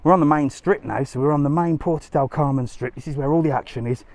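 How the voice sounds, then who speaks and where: Talking fast in a fairly high voice with a darkish tone, a travel vlogger leads viewers on a live walking tour down a busy resort street. He holds his phone, stays chatty and easygoing, and is a bit out of breath.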